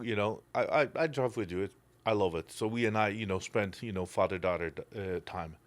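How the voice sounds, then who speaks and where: A middle-aged Polish man, a native Polish speaker with a Polish accent, tells stories as a podcast guest in casual conversation. His English is broken, blunt, and emotional, with some swearing, and his lowish voice moves fairly quickly with few pauses.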